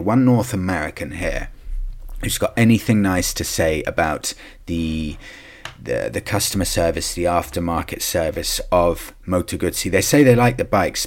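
Deep-voiced English man, chatty podcast host. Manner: chatty, rambling, emphatic with frequent fillers. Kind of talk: casual solo podcast talk.

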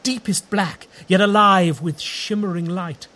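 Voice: mid-range voice, fairly even intonation, measured pace, pushed and bright. An actor playing a boastful, lovestruck male knight in a comedy audio drama, speaking in grand, flowery, old-fashioned language. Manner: grandiose archaic speech, flowery and theatrical.

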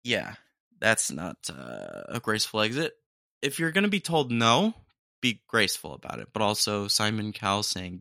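Woman host reacting with playful lively banter. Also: rumbling low, normal speed, creaky, dry recording, studio quality. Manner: playful, reacting with laughs and "dude". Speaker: podcast host. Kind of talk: casual commentary on clips.

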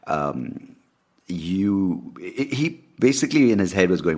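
A man hosting a podcast, telling a personal story in a candid, animated way with plenty of swearing. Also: deep voice, unhurried. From India. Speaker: podcast host. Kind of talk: casual ranting monologue.

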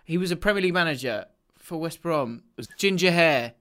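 Young guy cohosting a football podcast, kinda high voice, laughs a lot, rambly. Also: lively intonation, normal speed, bright, forceful tone. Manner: laughing often, rambling, reading out fixtures. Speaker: podcast co-host. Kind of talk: casual football chat.

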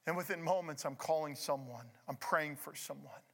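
A middle-aged man preaching with a high, reedy voice. He swings from ringing emphasis down to quiet, confiding asides, the pace speeding up and slowing down as he drives his points home. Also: creaky. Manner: dramatic preaching with wide swings between loud emphasis and hushed asides. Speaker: pastor. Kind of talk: sermon.

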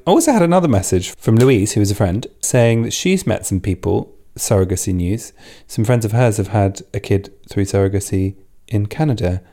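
Mellow, teasing man. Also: on the low side, expressive, normal speed. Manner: playful, teasing. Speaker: podcast co-host. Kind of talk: casual chat.

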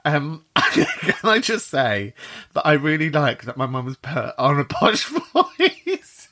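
A man's voice: a little high, wildly swooping pitch, unhurried, bright, forceful tone. A man hosting a podcast, chatty and emotional, laughing often and swearing freely. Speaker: host. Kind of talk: casual podcast talk.

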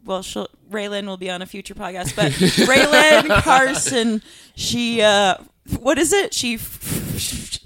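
A woman's voice: medium pitch, expressive, crowd noise. A woman hosting a podcast, chatting casually and laughing as she talks. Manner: slow, chatty, laughs while talking. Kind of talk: casual chat.

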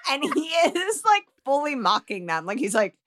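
A woman podcast co-host riffing on a movie from her cluttered home desk, incredulous and quick to laugh. Her slightly high voice swoops with expression. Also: big pitch swings, a bit bright. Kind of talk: comedic movie recap. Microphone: podcast microphone.

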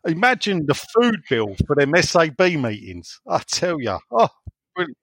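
A man's voice: on the high side, wildly swooping pitch, moderate pace, vocal fry, a bit bright, dry recording. A man hosting a casual football fan podcast, blunt and sardonic, laughing often as he reads out messages.

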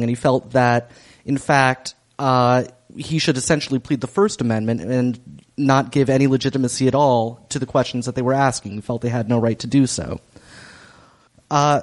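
Guy cohosting a podcast, rambly, lots of ums and restarts. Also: medium pitch. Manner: rambling, many fillers and restarts. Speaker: podcast co-host. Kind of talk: casual podcast chat.

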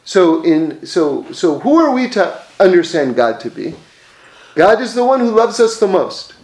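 A Torah teacher with a high-sitting voice leads a story-driven religious class, telling tales animatedly at a measured pace. He frequently restarts his phrases, and the room adds a noticeable echo.

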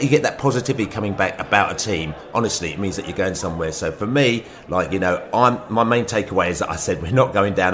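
A hoarse man, hosting a casual football podcast in an upbeat, chatty and emphatic way. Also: low voice, a bit bright. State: hoarse morning-after voice. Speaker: podcast host. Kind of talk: casual fan podcast chat.

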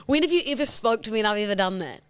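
A sassy woman trades teasing jabs with her co-host in a bright, bouncy voice that sits a little high. Her pitch swings widely, and the recording is dry and close. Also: expressive, rapid-fire, smooth, dry recording. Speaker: podcast co-host. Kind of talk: casual banter.

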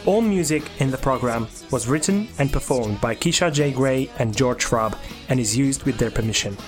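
Male podcast host; reads the outro at a medium pitch, then banters and laughs over his fumbles. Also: lively intonation, moderate pace, over music. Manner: reads the outro smoothly, stumbles and laughs at his own slips. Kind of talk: scripted outro reading, then casual studio banter.

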